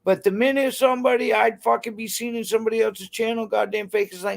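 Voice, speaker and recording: A woman's voice: on the high side, fairly even intonation, quick pace, gravelly. A woman hosting a livestream, ranting bluntly and heatedly with constant swearing. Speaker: livestream host. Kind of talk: angry livestream rant to chat.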